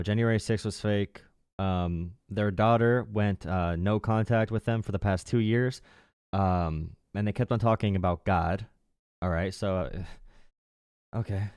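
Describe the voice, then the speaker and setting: A man's voice: on the low side, a little mellow, smooth, no echo, clean studio sound. A young man hosting a political livestream, talking casually with a sarcastic, mocking tone and frequent laughs. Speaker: political streamer and call-in show host.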